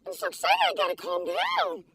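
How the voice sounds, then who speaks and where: A woman taste-testing food in a casual vlog, talking in an excitable, giggly, gushing way. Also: very high-pitched, fairly quick, creaky. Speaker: food reviewer. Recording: distant mic with faint background noise.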